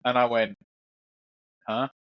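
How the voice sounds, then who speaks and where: A man's voice: medium pitch, level tone, slow pace, no room sound. A man co-hosting a podcast, telling a long story in a rambling, swearing, repetitive way. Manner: rambling, swears, repeats himself. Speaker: podcast co-host. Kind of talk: casual storytelling chat. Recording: dull lo-fi sound.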